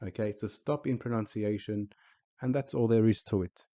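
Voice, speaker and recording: A man's voice: fairly low pitch, steady tone, brisk, mellow. A man teaching a recorded Arabic lesson, speaking patiently and repeating each example word.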